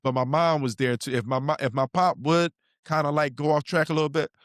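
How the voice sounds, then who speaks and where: A man's voice: a little high, fairly even intonation, a little fast, no echo, clean studio sound. A middle-aged man, telling slangy stories in a casual podcast chat as co-host. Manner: laid-back storyteller, slangy, acts out quotes.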